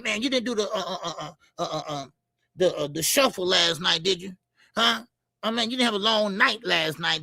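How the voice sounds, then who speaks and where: A man hosting a casual boxing livestream, greeting viewers by name and repeating "yes sir" and "all right" between shout-outs. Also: sits high, creaky, no echo. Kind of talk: casual live-stream chat.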